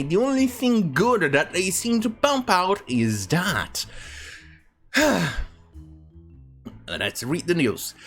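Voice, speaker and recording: A woman rants through a news story in a slow, drawn-out delivery, her pitch swinging widely with sarcasm. She swears freely and repeats words to mock them. Faint music plays behind her. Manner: sarcastic and profane, with mocking repetition. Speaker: online commentator. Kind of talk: ranting news commentary.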